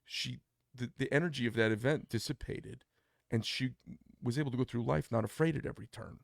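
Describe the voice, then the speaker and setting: Gravelly man, mid pitch, blunt podcast storyteller, dry close mic. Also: fairly quick, dry recording. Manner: blunt, opinionated, acts out quoted dialogue. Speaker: podcast co-host. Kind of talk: casual storytelling chat.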